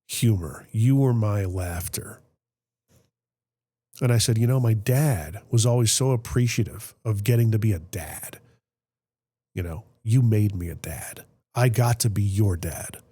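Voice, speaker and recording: A man hosting a podcast, telling a personal family story in a reflective, emotional way, often trailing off softly, with a Middle Tennessee accent. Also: on the low side, no room sound. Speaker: podcast host. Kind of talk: candid conversational storytelling.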